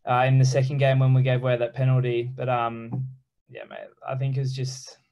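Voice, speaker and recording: A young Australian man speaking as a guest in a relaxed interview, pausing often with ums and unhurried phrasing. His voice has a strong gravelly fry at a middle pitch. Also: lo-fi sound. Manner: relaxed, halting with many ums, easy laughs. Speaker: professional rugby player, guest. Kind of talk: casual interview chat.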